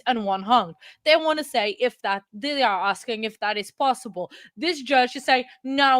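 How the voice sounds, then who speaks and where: A woman hosts live trial commentary, reacting in an agitated and exasperated way as she thinks aloud. Her voice is fairly high. The sound is dry and close to the microphone. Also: a bit bright, no room sound.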